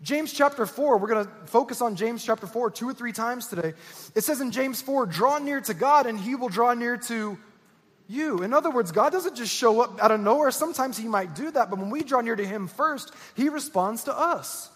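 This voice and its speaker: A man's voice: very high-pitched, expressive, normal speed, fairly bright tone, breathy edge. A man preaching a sermon as pastor, earnest and emphatic, repeating key lines. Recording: echoey church hall.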